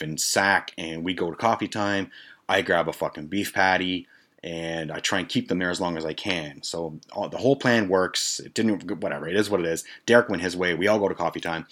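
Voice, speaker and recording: A man's voice: deep voice, a bit bright. A man hosting a podcast, telling a long story in a casual, profane, rambling way that keeps breaking off and restarting. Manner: profane, rambling, self-interrupting. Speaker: podcast host. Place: Toronto.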